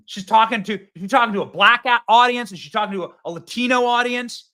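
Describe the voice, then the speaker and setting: A man hosting a casual live stream, talking excitably and rambling with lots of restarts. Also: high-pitched, fast, hardly any pauses. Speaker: host. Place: small cabin booth at an event.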